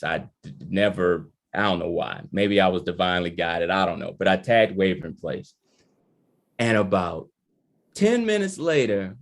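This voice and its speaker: A man from Michigan, a family historian and podcast guest, telling a story with animation and acting out the voices he quotes. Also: on the low side.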